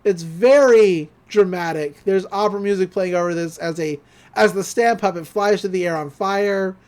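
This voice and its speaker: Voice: medium pitch, moderate pace. Laughing podcaster recapping a cartoon. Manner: animated retelling with frequent laughs. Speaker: podcast host. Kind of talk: casual episode recap.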